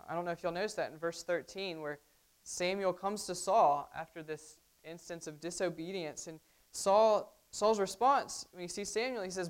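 A woman's voice: lowish voice, normal speed, clear, resonant tone. A woman delivers a sermon from the pulpit. She keeps it conversational, tossing in frequent asides to the congregation. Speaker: pastor.

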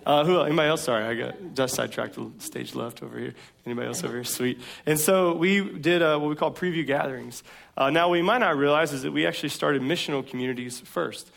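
A man's voice: on the high side, fast, creaky, fairly bright tone. A man preaching a sermon as pastor, in a casual, conversational way from a church stage.

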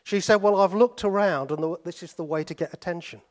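A man from Britain preaches to his congregation in a fairly high voice. He tells his stories unhurriedly, pausing often and dropping to quiet asides. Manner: storytelling, with pauses and sudden drops to soft asides. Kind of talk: sermon.

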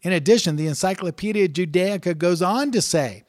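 A man with a fairly high voice teaches from scripture, earnest and deliberate, and reads passages aloud with emphatic rises. The recording is dry and close, with no room echo. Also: darkish tone. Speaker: Bible teacher.

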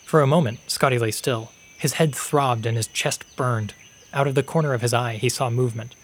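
A man narrating a fantasy story in a steady, measured storytelling voice. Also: mid-range voice, a little hiss or hum. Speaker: podcast narrator. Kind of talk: scripted audiobook narration.

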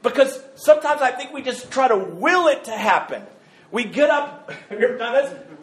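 A man with a high voice preaches a sermon, speaking in a loose, joking, conversational way. He often stumbles and repeats words as he builds his point. His voice rings in an echoey church room. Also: expressive, normal speed, fairly bright tone, slight background noise. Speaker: pastor. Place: church sanctuary.

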